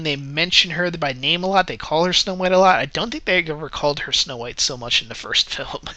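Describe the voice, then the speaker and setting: A man's voice: a little high, bright, forceful tone, dry recording. A man giving a casual spoken movie review, rambling and correcting himself as he goes, often breaking into laughter. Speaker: film reviewer.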